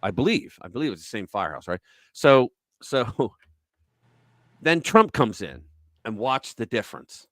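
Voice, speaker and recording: Blunt, lively man hosting a chat show. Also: mid-range voice, a little slow, no room sound, studio quality. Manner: blunt, crude, lively storytelling. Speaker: show host. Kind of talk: casual political chat.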